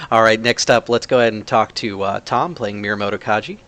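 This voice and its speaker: A man's voice: fairly low pitch, moderate pace. A man acting as game master, casually introducing the players at the table. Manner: relaxed, chatty, with many fillers. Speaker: game master and channel host.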